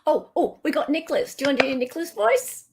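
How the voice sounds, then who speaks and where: A woman's voice: sits high, very animated, fast, slight background noise. A woman with an Australian accent hosting a live chat show, bubbly and giggly. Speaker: livestream host.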